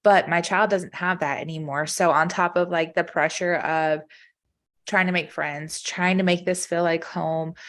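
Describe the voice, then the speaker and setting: A woman's voice: lowish voice, steady tone, unhurried, a bit bright. A woman co-hosting a casual podcast chat, speaking earnestly and frankly. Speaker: podcast co-host.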